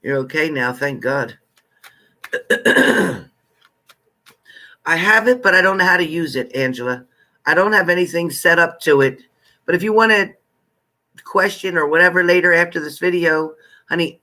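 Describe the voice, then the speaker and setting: A chatty man hosting a live tarot stream, his voice sitting a little high and sounding bright and forceful. He talks casually to his viewers, greeting each one by name with familiar, friendly terms.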